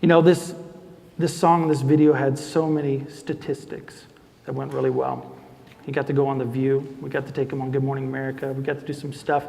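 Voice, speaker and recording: A young man giving an animated storytelling talk on stage, acting out the voices of people he quotes. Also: mid-range voice, a little fast, creaky. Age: young adult. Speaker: speaker. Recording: long hall reverb.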